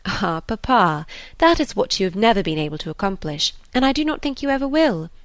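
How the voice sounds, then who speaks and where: A woman voicing a confident, clever young lady in an audiobook, brisk and reassuring. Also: medium pitch, sing-song, dry recording. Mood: assured.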